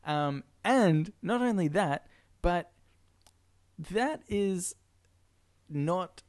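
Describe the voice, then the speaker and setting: A man's voice: sits high, animated, very slow, darkish tone. A man co-hosting a podcast in casual, rambling, jokey chat. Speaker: podcast co-host.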